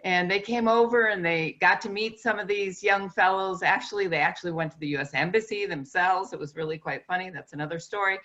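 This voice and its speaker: A woman adding her own reflections at a talk, in a measured, thoughtful way. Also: lowish voice, a bit bright. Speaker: co-speaker. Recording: dull lo-fi recording.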